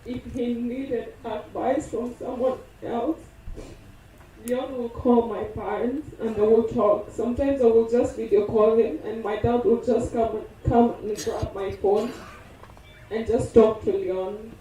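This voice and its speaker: A woman's voice: a little high, fairly even intonation, a little slow, dark tone, a little hiss or hum. A young woman giving a tender funeral tribute, reminiscing and quoting loved ones, recorded from a distance in an echoey hall. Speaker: eulogy speaker, partner of the deceased. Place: funeral service venue.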